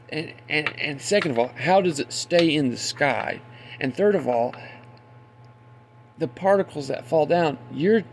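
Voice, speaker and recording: A man's voice: on the high side, vocal fry, slight background noise. A man delivering a rambling, profane, indignant monologue, sometimes losing his train of thought. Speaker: conspiracy commentator.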